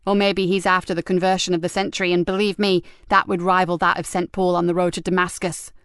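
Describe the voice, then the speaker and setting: A woman's voice: on the low side, level tone, fast talker, a bit bright, smooth, dry recording, clean studio sound, lightly acted. Sardonic hard-bitten police inspector, voiced by a woman. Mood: indignant. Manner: sardonic, bristling. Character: hard-drinking defiant female police inspector. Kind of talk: audiobook character voice.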